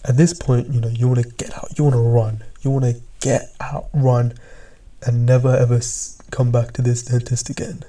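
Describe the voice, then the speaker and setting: A young man casually narrating a second-person storytime, often dropping into hushed, half-whispered asides. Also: medium pitch, flat delivery, moderate pace.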